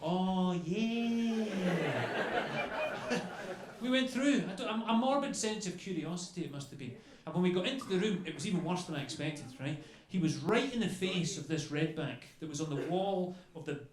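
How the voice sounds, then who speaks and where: A young man doing stand-up comedy, telling stories in a chatty, animated way and swearing freely. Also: fairly high pitch. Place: comedy club stage before a crowd. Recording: echoey club with crowd laughter.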